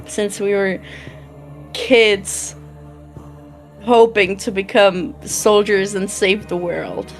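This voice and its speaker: A woman's voice: medium pitch, steady tone, extremely slow, long pauses, faint music behind. A woman voicing a tearful young woman soldier. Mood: tender.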